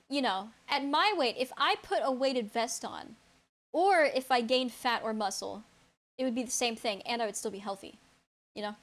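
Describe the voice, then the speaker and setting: Woman streamer, high voice, incredulous, stammering, laughs easily, casual chat with viewers.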